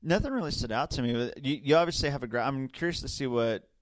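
A man hosting a casual film review podcast, animated, talking in quick restarts. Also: medium pitch. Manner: animated, restarts and laughs often. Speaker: podcast host.

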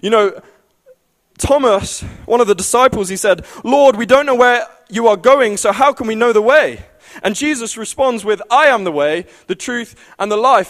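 High-voiced man preaching with passion. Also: normal speed. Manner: passionate, builds to loud pleading climaxes. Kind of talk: sermon.

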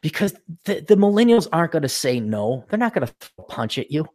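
A middle-aged man hosting a casual podcast, swearing freely as he tells his stories. His pitch swings widely and sits a touch high for a man, giving a lively, bouncing delivery. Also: a little fast. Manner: blunt, profane, animated anecdotes. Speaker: podcast co-host. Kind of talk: casual chat, storytelling.

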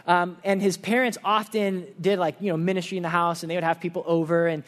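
A man with a notably high voice preaches to a church congregation. He speaks in a relaxed, conversational way and weaves earnest personal stories into the sermon. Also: fast talker. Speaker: pastor. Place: church service.

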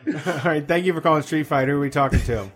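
A man co-hosting a casual comedic talk show with quick joking asides. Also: fairly high pitch. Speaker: radio talk show co-host.

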